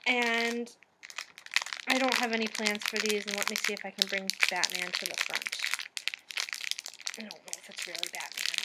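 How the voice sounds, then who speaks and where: A woman's voice: medium pitch, heavy background noise. A young woman with a Boston accent, chatting casually about her knitting and sewing projects in a rambling way, with many "um"s. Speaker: crafting vlogger. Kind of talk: casual crafting vlog chat.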